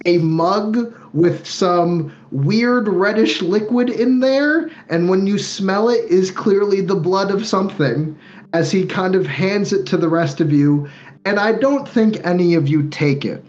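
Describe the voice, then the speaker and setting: A man's voice: high voice, a little slow, a little mellow, dull audio. A man working as game master, narrating a tabletop game in a loose, descriptive way with lots of fillers.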